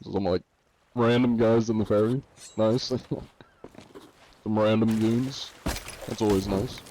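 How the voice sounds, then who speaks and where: A relaxed male streamer chats with his viewers while he plays. His voice is fairly low and mellow, and he laughs easily between loose, unhurried thoughts. A faint background noise sits under the desk-mic recording. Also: poor audio. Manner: laid-back, laughs often, many fillers. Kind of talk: casual gameplay chat.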